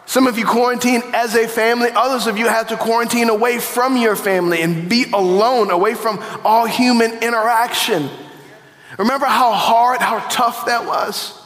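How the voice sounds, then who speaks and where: High-voiced preaching man in an echoey hall. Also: fairly even intonation, normal speed, a bit bright. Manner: conversational, asks the congregation questions. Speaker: pastor. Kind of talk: sermon.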